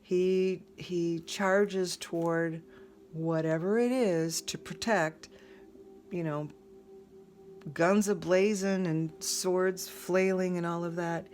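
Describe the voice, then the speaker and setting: Tarot reader, woman, low-pitched and chatty, restarts often; faint noise underneath. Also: fairly even intonation, slow, a little mellow. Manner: rambling, conversational, frequent fillers and restarts. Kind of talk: casual tarot reading.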